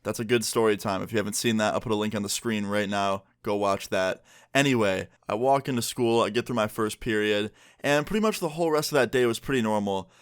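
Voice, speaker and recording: A man's voice: on the low side, a little fast, smooth, dry recording, clean studio sound. A young man telling a storytime tale to camera in a casual, chatty way, often checking in with the listener. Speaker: vlogger. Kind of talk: storytime narration.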